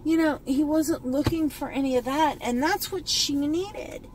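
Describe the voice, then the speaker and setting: A woman's voice: sits high, measured pace, a little mellow, rough recording. A woman records a heartfelt, rambling vlog from her car and takes her time over every thought. She keeps circling back over the same points, choked up at times. A faint background hum sits under her voice. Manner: heartfelt, rambling, repeats herself. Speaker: beauty vlogger. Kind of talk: emotional commentary vlog. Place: in a parked car.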